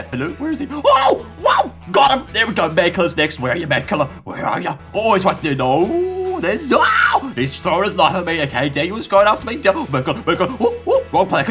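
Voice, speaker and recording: A young man giving excitable, goofy gameplay commentary as a channel host, yelping and shouting at sudden moments. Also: on the high side. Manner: goofy self-mocking banter.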